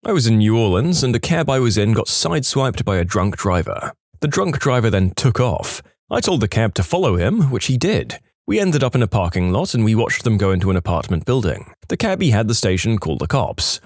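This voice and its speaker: A man narrating online stories in an expressive, scripted storytelling manner. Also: fairly low pitch, fairly quick, few pauses, no room sound, studio quality.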